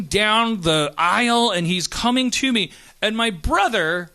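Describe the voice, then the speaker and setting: A man hosting a podcast and spinning a comic story, with a high voice and a very bright, sharp tone. He rambles and restarts often. He keeps switching into acted-out quotes as he goes. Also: expressive, unhurried. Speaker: podcast host. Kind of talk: comedic storytelling.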